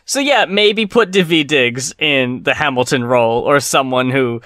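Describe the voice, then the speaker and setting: A man hosting a podcast in casual chat, measured and opinionated, with a dry delivery. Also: medium pitch, bright, forceful tone, no echo. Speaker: podcast host.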